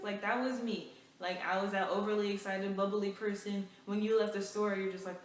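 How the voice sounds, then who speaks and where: Young woman vlogger, casual storytime, chatty and animated, recorded at a distance in an echoey room. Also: medium pitch, brisk, few pauses. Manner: animated, chatty, full of fillers. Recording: echoey room, mic far off.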